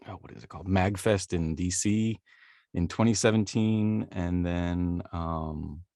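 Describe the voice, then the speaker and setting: A man's voice: low-pitched, a little slow, darkish tone, dry recording. A man, a voice actor, telling his story in a rambling, self-deprecating way during a casual interview, laughing easily. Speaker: voice actor guest.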